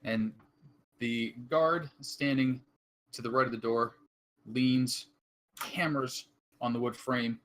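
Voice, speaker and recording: A man narrating a tabletop horror campaign as game master, describing scenes with frequent pauses and fillers. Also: medium pitch, a bit bright.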